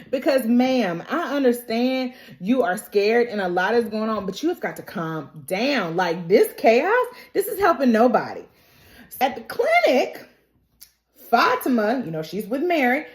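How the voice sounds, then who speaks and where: A woman giving a casual, animated recap and reaction, laughing often and acting out the characters' quotes. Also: a little high, moderate pace. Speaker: TV recap vlogger. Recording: roomy echo.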